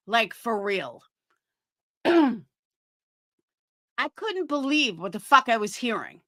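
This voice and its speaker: A woman in a heated livestream rant who swears constantly and keeps a sarcastic bite. Her voice is high and very bright, with a sharp, cutting edge. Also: very animated, takes it slowly, pauses often. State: fighting cancer. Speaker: livestream host.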